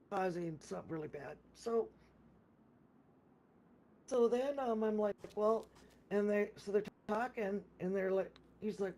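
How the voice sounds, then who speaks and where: Casual gamer storyteller, mid pitch, rambling, stop-start delivery. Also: animated, normal speed. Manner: rambling, with many restarts and repeated words; acts out others' lines in quoted speech. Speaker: gamer recounting a game session.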